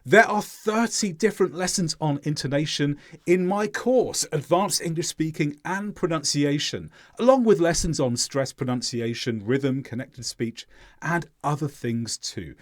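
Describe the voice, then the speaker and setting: A man gives a scripted English lesson, his pitch swinging widely as he marks the stress in each example. His voice sits a little high for a man. The sound is close and dry, with no room around it. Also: lively intonation, no echo. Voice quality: clear, deliberate teaching voice with exaggerated intonation in examples. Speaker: English teacher.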